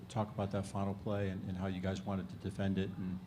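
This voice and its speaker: A man's voice: low voice, completely flat delivery, fast talker, dark tone, a little hiss or hum. A male sports reporter asking long, polite questions at a press conference. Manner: polite, congratulatory, rambling questions.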